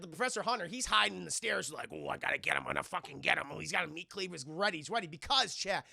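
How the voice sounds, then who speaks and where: A young man excitedly recapping a horror film to his live chat, swearing freely and acting out the characters' yelps. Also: sits high, vocal fry, no room sound, clean studio sound. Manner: profane, excitable, acts out characters' lines with yelps.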